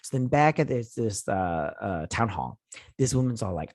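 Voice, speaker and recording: A man's voice: on the low side, sing-song, moderate pace, darkish tone, no echo, studio quality. A man hosting a show, casually recapping and reviewing a TV episode, rambling and paraphrasing scenes with lots of "like" and asides.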